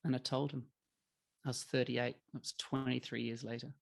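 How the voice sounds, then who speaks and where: A middle-aged man, a podcast guest telling emotional stories in a candid, animated way. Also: mid-range voice, moderate pace, creaky. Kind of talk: candid conversational interview.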